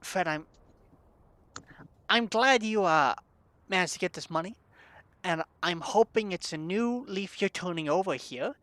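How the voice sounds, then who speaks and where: A man voicing an angry, foul-mouthed male bartender who shouts and scolds in a tabletop game. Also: high voice, a little slow, pauses often, no echo. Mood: grudging.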